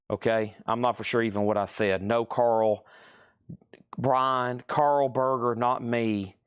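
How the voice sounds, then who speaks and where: A man hosting a live-streamed record sale, chatting quickly through prices and buyer names, a bit out of breath. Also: medium pitch, clear, resonant tone, no room sound, studio quality.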